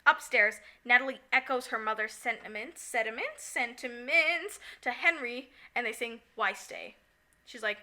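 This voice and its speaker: A woman co-hosting a podcast in casual chat, recapping a musical with lots of giggling and quick acted-out lines. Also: on the high side. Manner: giggly, animated, acts out characters in quick asides. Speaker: podcast co-host.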